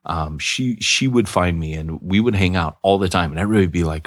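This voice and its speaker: A man's voice: deep voice, brisk, hardly any pauses, no room sound, clean studio sound. A middle-aged man, a podcast co-host, telling a long personal story in a casual, rambling way with lots of restarts.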